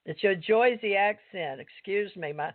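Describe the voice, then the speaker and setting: A woman's voice: mid-range voice, measured pace, no echo. Folksy Kentucky woman on a phone line. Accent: Southern US, Kentucky mountain. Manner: chatty, interrupting, folksy. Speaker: show host. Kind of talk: casual talk show chat. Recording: dry tinny phone line.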